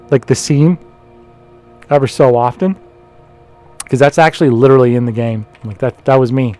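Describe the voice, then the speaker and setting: Playing a video game, this Canadian gameplay commentator keeps up a loose, laugh-filled let's-play chatter full of self-deprecation. He has a medium-pitched, slightly mellow voice.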